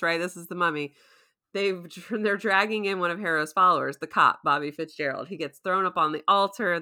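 Bright-voiced woman recapping a show. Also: on the low side. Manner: animated, laughs often, acts out scenes. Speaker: podcast host. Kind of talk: casual recap chat.

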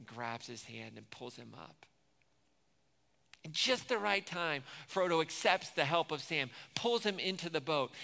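Bright, gravelly-voiced preacher in a reverberant hall. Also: male voice, fairly high pitch. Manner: retells movie scenes, acting out lines with rising intensity. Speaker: pastor. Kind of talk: sermon.

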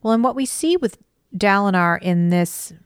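Here the co-host, a mom with school-age children, chats about the book she's reading in an analytical, reflective way, sprinkling in "you know." She has a clean, expressive mid-range voice and a moderate pace, captured in clean studio sound without any room sound.

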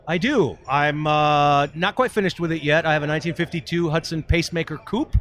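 A man's voice: fairly high pitch, a little fast, fairly bright tone, slight background noise. A man chatting casually as a podcast guest, a jokey, chatty storyteller.

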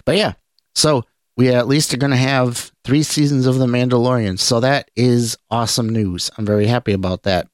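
A man hosting a geek news podcast, talking in a relaxed, rambling way with restarts. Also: mid-range voice, moderate pace, no echo, studio quality. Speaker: podcast host. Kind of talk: casual news roundup.

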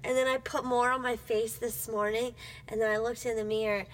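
A woman bursting into a podcast as the host's roommate, giggly and excitable, swinging between loud and soft. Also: a little high, fairly quick, rough recording. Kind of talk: casual banter.

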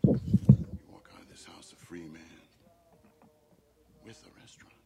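An actor playing a scheming middle-aged crime boss in a video game cutscene, smooth and taunting with a threatening edge. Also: male voice, moderate pace, whispered, close to an everyday voice. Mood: menacing. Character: scheming older male crime boss, menacing and sarcastic.

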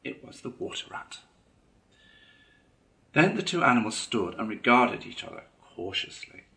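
A man reading a classic children's story aloud in a measured, expressive way. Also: on the low side, creaky. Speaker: narrator.

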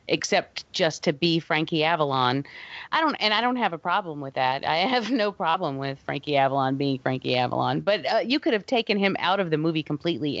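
A woman's voice: low-pitched, a bit bright, no echo, muffled recording. Giggly woman in casual movie chat. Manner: giggly, emphatic, laughs often. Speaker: podcast co-host.

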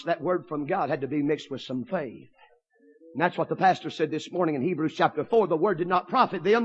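A man preaching a fiery storytelling sermon, bursting into shouts and exclamations. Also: sits high, breathy edge, highs cut off.

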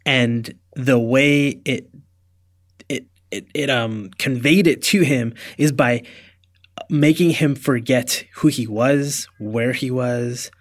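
A man's voice: medium pitch, slow. Emphatic man chatting on a podcast. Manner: emphatic, full of restarts. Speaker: podcast co-host. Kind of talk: casual chat recapping a TV episode.

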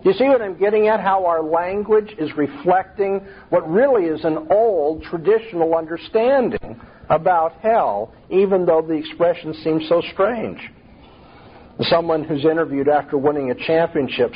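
Man, preacher, husky, slightly high voice, dull lo-fi recording. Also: normal speed. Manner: emphatic, rhetorical questions. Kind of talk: sermon.

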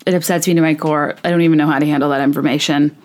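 Candid woman host, lowish voice. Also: steady tone, rapid-fire. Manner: candid, indignant, talks with many "like" fillers. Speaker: podcast host reading listener stories. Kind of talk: casual chat and reading aloud.

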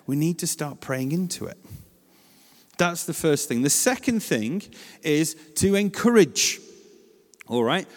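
A man gives an informal talk in church, telling stories and slipping into the voices of the people in them. His voice sits fairly high for a man. A long reverb from the church hall hangs behind him. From England. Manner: chatty storytelling with asides and quoted voices. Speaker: children's officer giving a talk in church.

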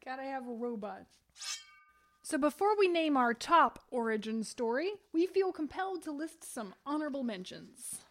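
A woman co-hosting a casual podcast, talking in a warmly emphatic way. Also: high voice, big pitch swings, normal speed. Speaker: podcast co-host. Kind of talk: casual chat.

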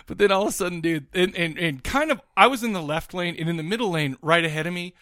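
A man with a fairly high, bright voice tells a rambling story on a podcast, stumbling over restarts and breaking into laughs. The sound is close and dry. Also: fast, no echo. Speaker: podcast co-host. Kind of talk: casual chat.

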